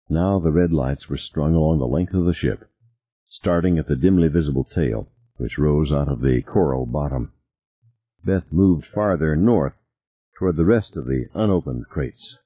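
Deep, husky male audiobook narrator. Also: moderate pace. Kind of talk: scripted narration. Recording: tinny lo-fi recording.

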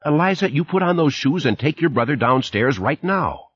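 A man voicing a harried young wife and mother in an audiobook reading, with a husky voice on a dull, dry recording. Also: a little high, animated, normal speed, fairly bright tone, dry recording, pitched above the performer's own voice. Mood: scolding.

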